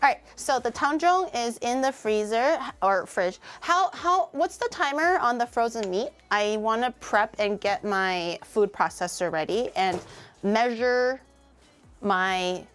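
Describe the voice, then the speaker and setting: A young woman with a somewhat high voice chats with her viewers while she cooks on a livestream. She teases them, laughs a lot and swears freely, and she keeps a loose, playful tone. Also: animated, unhurried, fairly bright tone, faint music behind. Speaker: cooking streamer. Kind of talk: casual cooking livestream chat.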